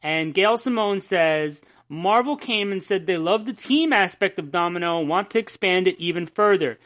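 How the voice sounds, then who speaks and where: A man's voice: sits high, normal speed, a bit bright. Young man, podcast co-host, chatty, swears a lot, rambles and riffs on jokes. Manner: rambling, profane, jokey. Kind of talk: casual comics news chat.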